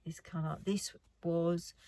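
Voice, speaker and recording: Slow, soft-spoken woman. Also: lowish voice, little pitch movement, no room sound. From United Kingdom. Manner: chatty and rambling, often dropping to a near whisper. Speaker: craft vlogger. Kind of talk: casual haul chat.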